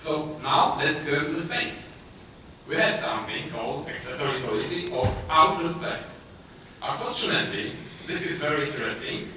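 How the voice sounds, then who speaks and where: A man with a Polish accent giving a conference talk, speaking haltingly with many filler sounds and restarts. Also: on the high side, lively intonation. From Poland. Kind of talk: conference presentation. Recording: echoey hall, distant mic, noisy.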